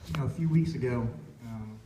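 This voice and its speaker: Recorded from a distance in an echoey church sanctuary with slight hiss or hum, a young worship leader speaks fairly quickly in a dark, mid-range voice. He shares a heartfelt personal story, rambling and restarting often.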